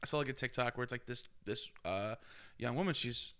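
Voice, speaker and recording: A man's voice: medium pitch, a little fast, pushed and bright, clean tone. A young man from Pennsylvania hosting a podcast, talking casually with lots of fillers and laughter. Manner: rambling, filler-heavy and laughing. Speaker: podcast host. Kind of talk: casual chat.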